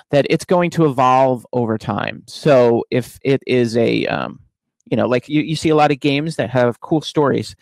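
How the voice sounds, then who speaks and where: A man talks through a technology presentation from his home office in a relaxed, explanatory way. He leans on fillers and restarts. His middle-range voice sits close to the mic, in a dry room with no reverb. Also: mid-range voice. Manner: casual, explanatory, many fillers. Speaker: conference speaker. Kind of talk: online tech talk.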